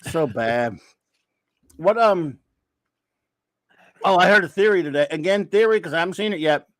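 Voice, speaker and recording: A higher-pitched man chatting as a podcast co-host, blunt and sarcastic. His voice is recorded dry, with no noticeable echo. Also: animated, moderate pace, a bit bright. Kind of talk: casual chat.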